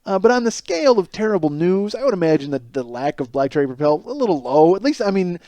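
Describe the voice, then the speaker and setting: A man's voice: sits high, big pitch swings, fast talker, warm tone, dry recording. A man in his forties hosting a solo comedy podcast, ranting in disbelief and rambling through a story with plenty of profanity. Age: 40s. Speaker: podcast host.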